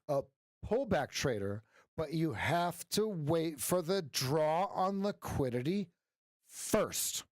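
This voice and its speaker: Man coaching live trades, voice going hoarse. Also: fairly high pitch, dry recording, studio quality. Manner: energetic, talks straight to viewers with frequent "right?". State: losing his voice. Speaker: trading coach. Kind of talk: live-stream trading commentary.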